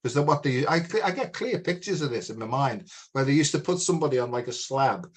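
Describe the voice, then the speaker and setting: A man talking through visions in a spiritual podcast conversation, at a middling pitch for a man. He keeps checking in with his listener with a quick "right?" as he explains what he sees. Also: expressive, husky. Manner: describes inner visions, often checks in with "right?".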